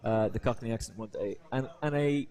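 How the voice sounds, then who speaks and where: Chatty poker commentator. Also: male voice, mid-range voice, mellow. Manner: chatty storyteller, quick to slip into voices.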